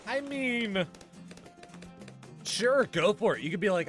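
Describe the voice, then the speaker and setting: A male streamer talks casually to his chat while he plays, joking and sarcastic. His voice is bright and swings up and down a lot, with pitch sitting a little high. Faint game music runs underneath. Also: big pitch swings, normal speed.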